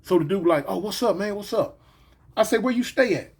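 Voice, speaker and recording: A man telling a story in a casual, animated way, acting out the voices of the people in it. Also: high voice, fairly quick, breathy edge.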